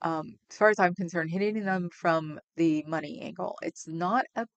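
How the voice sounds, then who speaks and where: A woman's voice: fairly low pitch, moderate pace, dull audio. A woman in her fifties hosting a livestream at home, chatting in a rambling, casual way and laughing often. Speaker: livestream host.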